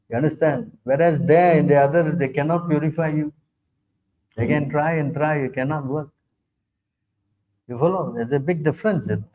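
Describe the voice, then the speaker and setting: A man, a spiritual teacher giving an informal religious talk. He speaks emphatically, keeps asking whether listeners understand, and acts out other people in a lowered voice. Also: dark tone, rough recording. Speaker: spiritual teacher answering questions.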